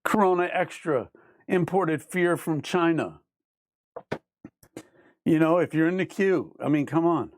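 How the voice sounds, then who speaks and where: A man's voice: fairly high pitch, unhurried, pauses often, no echo. A man hosting a live show, reading viewer comments aloud and arguing with them in an emphatic, repetitive way. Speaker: livestream host. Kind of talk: ranting live chat reading.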